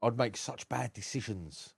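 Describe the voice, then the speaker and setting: A man's voice: mid-range voice, normal speed, creaky, breathy edge, dry recording, studio quality. A man in his thirties with an English accent, a podcast guest talking candidly, swearing freely and laughing often. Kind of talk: casual podcast conversation.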